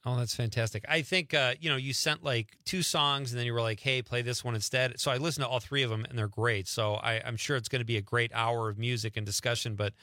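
An upbeat man hosting a radio show, talking in a bright, forceful voice. He chats casually and laughs easily. The studio sound is dry and close. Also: medium pitch, fairly even intonation, no echo. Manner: upbeat, chatty, quick to laugh. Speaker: radio host.

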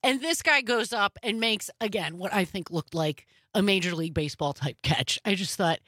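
A woman hosting a talk radio show, chatting in an animated way and telling stories. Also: medium pitch, moderate pace, no echo, studio quality. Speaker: radio host.

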